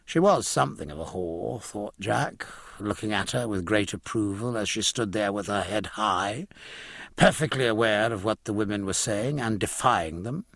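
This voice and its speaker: A man narrating a period novel in an expressive, measured way. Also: fairly low pitch, vocal fry, no room sound, clean studio sound. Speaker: audiobook narrator. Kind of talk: scripted narration.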